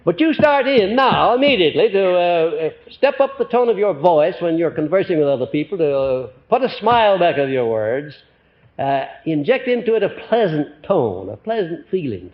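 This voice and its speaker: An older man giving a live motivational lecture to an audience, animated, swinging between loud emphatic lines and quiet ones, with frequent fillers. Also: high-pitched, normal speed. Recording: muffled 1950s lecture recording.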